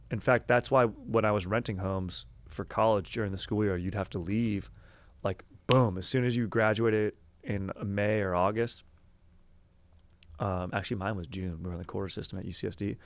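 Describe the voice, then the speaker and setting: Excitable cursing young man, low voice. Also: no echo. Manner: swearing, excitable, says "dude" a lot. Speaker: podcast host. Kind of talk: casual comedic podcast chat. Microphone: headphones on.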